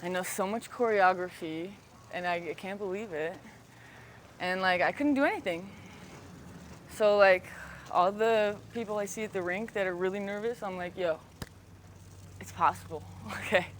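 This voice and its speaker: A woman's voice: medium pitch, normal speed, slight background noise. A woman roller skater chatting casually outdoors on a street, bubbly and full of "like". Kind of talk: casual chat.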